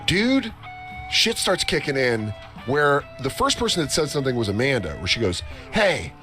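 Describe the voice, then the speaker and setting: A man from the United States telling a long, profane story on a talk show, acting out the people in it. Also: a little high. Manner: animated, profane, acts out voices in his story. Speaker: show host. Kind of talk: casual storytelling. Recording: faint music behind, radio broadcast.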